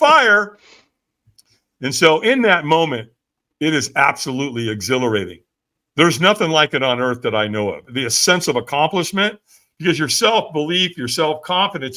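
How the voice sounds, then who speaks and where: A man's voice: a little high, pushed and bright. A middle-aged man telling a vivid story as a podcast guest, often checking in with the listener and acting out what others said. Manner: vivid storyteller, frequent "right?" asides, acts out quotes. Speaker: podcast guest, firewalk instructor. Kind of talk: animated storytelling in an interview.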